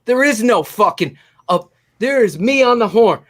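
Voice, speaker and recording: A man co-hosting a live post-game show, ranting in a fiery, profane way and often shouting, on a video call. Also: very high-pitched, animated, normal speed. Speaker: co-host.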